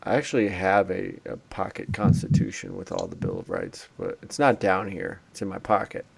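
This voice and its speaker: A man's voice: deep voice, huge pitch swings, normal speed, creaky, a little hiss or hum. A man co-hosting a casual podcast, sardonic and crude, ranting with frequent swearing. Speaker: podcast co-host. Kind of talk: casual profane chat.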